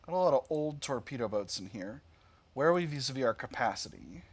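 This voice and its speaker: A man's voice: lively intonation, brisk, husky. A man giving casual commentary while playing a strategy game, musing aloud with playful asides. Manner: musing, playful asides, sudden high squeals of delight. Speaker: strategy game let's-player. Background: game music.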